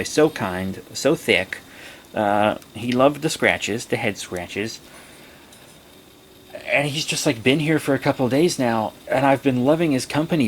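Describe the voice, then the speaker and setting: In a slightly slow, casual vlog, a young man rambles through a story, his voice jumping into high, excited exclamations along the way. The audio carries a slight hiss or hum.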